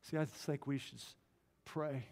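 A man, a pastor, tells a story in an earnest sermon, slowing down to stress key lines. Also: mid-range voice, steady tone, creaky, darkish tone, in a large hall.

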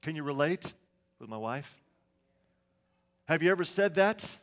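A man's voice: fairly high pitch, lively intonation, unhurried, a bit bright. A middle-aged male pastor preaching a sermon in a church sanctuary, telling stories conversationally and asking the congregation questions.

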